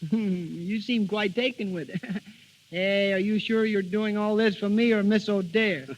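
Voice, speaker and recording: A chuckling, high-voiced young pal. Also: male voice, fairly even intonation, a little slow, muffled recording. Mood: amused. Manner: chuckling, easygoing. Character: jovial young dressmaker's man, teasing. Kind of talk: 1930s radio drama acting. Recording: old radio broadcast with faint hiss.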